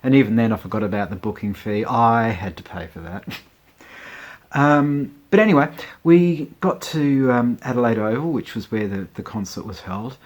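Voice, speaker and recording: A man's voice: medium pitch, expressive, moderate pace. Rambling, amused man. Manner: rambling and amused, many fillers and asides. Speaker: vlogger. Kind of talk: casual storytelling to camera.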